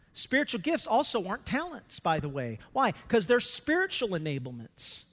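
A man preaching a sermon as a pastor, animated and swinging between loud emphasis and hushed asides. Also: high voice, moderate pace, hardly any pauses. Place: church sanctuary. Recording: long reverb of a church hall.

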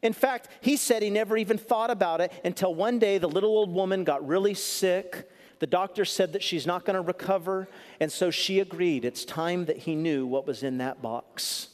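Male pastor, sermon, high voice, loud and soft in turns, storytelling, long hall reverb. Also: normal speed. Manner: storytelling preacher, shifts from loud punchy lines to soft earnest asides.

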